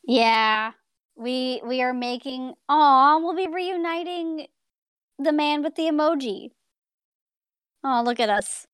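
A woman co-hosting a podcast in casual chat, bubbly and quick to laugh and agree. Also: sits high, a bit bright, no room sound, clean studio sound. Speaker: podcast co-host.

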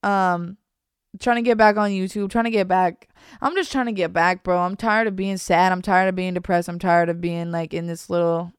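Smooth-voiced young woman, rambling chat. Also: fairly low pitch, fairly even intonation, moderate pace, dry recording, clean studio sound. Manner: rambling, fillers and restarts, says "bro". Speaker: podcast host. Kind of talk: casual confessional chat.

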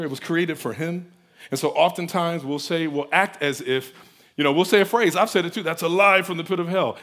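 A man's voice: on the high side, a bit bright. A man preaching a conversational sermon, earnest and emphatic, speaking off the cuff.

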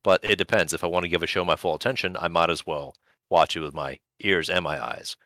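A man's voice: sits low, steady tone, quick pace, a bit bright, no room sound. A man co-hosting a casual podcast, making dry, wry remarks. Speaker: podcast co-host. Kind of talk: casual chat.

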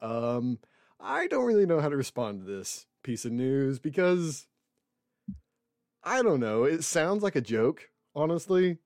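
A man's voice: on the high side, big pitch swings, a little slow, a little mellow, no room sound, studio quality. A man co-hosting a podcast in casual chat, reading out news items with a wry, chatty manner. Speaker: podcast co-host.

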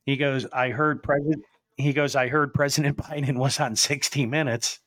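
A man's voice: medium pitch, steady tone, normal speed, fairly bright tone, dry recording. A man hosting a podcast, rambling through stories and chuckling as he goes. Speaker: podcast host. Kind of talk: casual chat.

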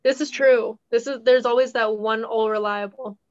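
A woman co-hosting a podcast, telling a story in a rambling, animated casual way and laughing as she goes. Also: a little high, moderate pace, no echo, dull audio. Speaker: podcast co-host.

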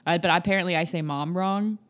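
A woman's voice: on the low side, a little fast. A young woman hosting a casual podcast chat, rambling through funny stories with giggles and acted-out quotes. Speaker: podcast host.

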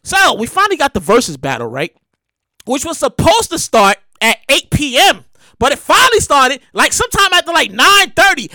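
A man giving excitable, slangy, casual commentary, often loud and drawn out on exclamations. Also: extremely high pitch, moderate pace, no room sound.

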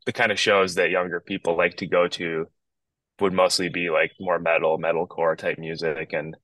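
Deep-voiced man chatting on a video call. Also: moderate pace, no echo, rough recording. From Northern Ontario, Canada. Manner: relaxed, rambling with many restarts. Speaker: guest musician. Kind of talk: casual podcast chat. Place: outdoors in his backyard.

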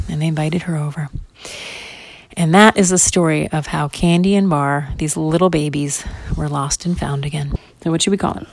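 A woman improvising a children's story for her child in a gentle, rambling way, looping back over her phrases. Her voice sits fairly low, and the recording is dry with no room sound. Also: fairly even intonation, normal speed, creaky, no room sound.

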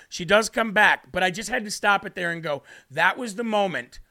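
Gravelly higher-pitched guy hosting a show, prays then rants, punchy and combative. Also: bright, forceful tone. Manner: combative, emphatic, drawn-out delivery. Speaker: host. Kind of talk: prayer and political commentary.

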